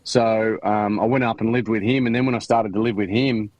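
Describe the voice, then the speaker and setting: A man's voice: on the low side, steady tone, fairly quick, no echo, dull audio. A man with an Australian accent, a podcast guest telling his life story in a frank, slangy way, with many restarts and fillers. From Queensland, Australia. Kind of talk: candid interview storytelling.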